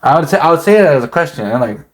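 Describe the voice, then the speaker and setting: A man's voice: a little high, very animated, very fast. A man talking in a rambling, hesitant monologue, full of fillers and restarts. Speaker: podcast host.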